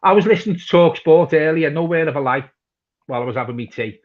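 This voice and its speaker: The fan channel host runs his football watch-along at a fast clip in a fairly high voice, reading viewers' messages aloud and cursing casually. The recording sounds muffled.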